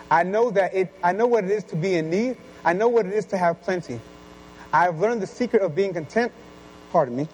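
A man's voice: sits high, lively intonation, fairly quick, darkish tone, a little hiss or hum, poor audio. A young man giving an earnest sermon, full of rhetorical questions.

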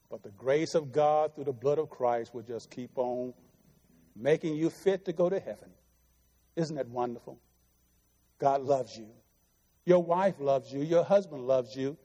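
A man's voice: on the high side, warm tone, highs cut off. A middle-aged man preaching a sermon in a church, pleading earnestly with his listeners. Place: church sanctuary. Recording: long reverb of a church hall.

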